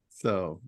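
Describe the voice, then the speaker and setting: A man's voice: a little mellow, no echo, clean studio sound. A man hosting a business group call, chatting casually, bluntly giving advice, laughing often, with mild swearing. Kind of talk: casual chat, telling stories and giving advice.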